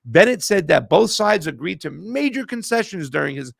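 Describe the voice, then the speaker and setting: A man's voice: sits high, sing-song, normal speed, vocal fry, no room sound. A man hosting casual political commentary, slangy and mocking, often laughing and calling his viewers fam. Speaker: host.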